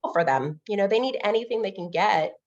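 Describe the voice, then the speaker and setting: A woman's voice: mid-range voice, quick pace, highs cut off. A woman loan officer as an interview guest, talking energetically and acting out quoted conversations with clients. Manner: energetic, acts out quoted dialogue. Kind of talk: casual interview chat.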